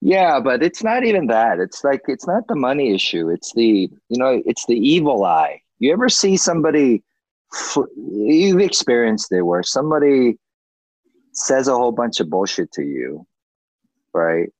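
Animated, heated man in his forties. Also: mid-range voice, moderate pace, no room sound, poor audio. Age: 40s. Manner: heated, profane ranting. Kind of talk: casual chat.

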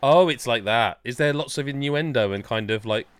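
A man co-hosting a podcast, firing off quick teasing questions and dry remarks. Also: medium pitch, a bit bright, smooth, no room sound. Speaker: podcast co-host. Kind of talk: casual chat.

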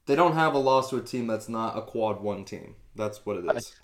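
A man's voice: on the low side, expressive. Casual male sports podcast host. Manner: loose, swears casually, quick asides.

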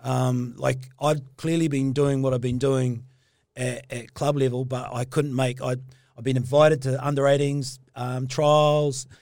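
A man's voice: mid-range voice, level tone, measured pace, a little mellow, dry recording, clean studio sound. A middle-aged man, a former rugby player telling his story in a casual interview, rambling with many fillers and restarts.

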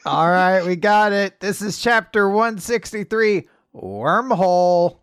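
A young man co-hosts a casual podcast, recapping a comic chapter with a lively, swooping delivery. His voice sits fairly high and is recorded dry and close. He slips in corny puns as he goes. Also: takes it slowly, clear, resonant tone, no echo. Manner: jokey, animated storytelling with corny puns. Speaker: podcast co-host. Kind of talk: casual manga recap chat.

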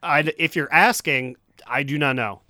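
A man's voice: a little high, unhurried, pushed and bright, no echo. A man co-hosting a casual gaming podcast, with dry, wry remarks. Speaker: podcast co-host.

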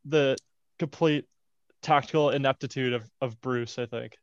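A man's voice: mid-range voice, steady tone, normal speed, smooth, dull audio. A man in casual football chat, dry and sarcastic, arguing his opinions.

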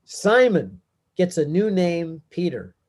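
A man guest on a talk show, teaching with lively storytelling that climbs in pitch when he stresses a point. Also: slow, husky. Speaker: Catholic speaker and pilgrimage guide.

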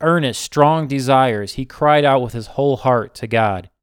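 A man preaching a Bible sermon, slow and emphatic, repeating short phrases. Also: mid-range voice, clear, resonant tone, no room sound, clean studio sound.

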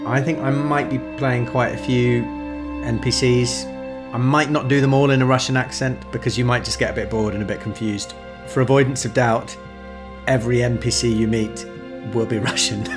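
Bloke chatting at a game table, joking about himself, music under it. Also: male voice, medium pitch, steady tone, normal speed. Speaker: game master. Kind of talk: casual chat at a gaming table.

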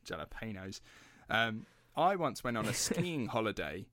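A man's voice: mid-range voice, very animated, unhurried, pushed and bright, dry recording, studio quality. A British man hosting a casual podcast, chatting and telling rambling stories with lots of fillers. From Britain. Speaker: podcast host.

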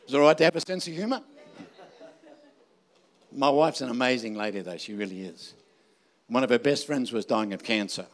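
An older man preaching a sermon, joking and asking the audience emphatic rhetorical questions. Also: mid-range voice. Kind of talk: sermon with humorous stories.

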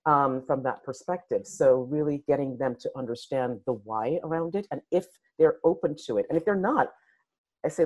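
A woman's voice: very deep voice, moderate pace, darkish tone. A woman hosting a casual conversation, speaking in an emphatic, encouraging way.

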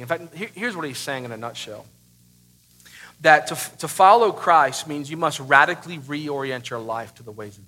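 A pastor in his thirties delivers an emphatic sermon in a mid-range voice, erupting into sudden loud bursts and tossing out rhetorical questions.

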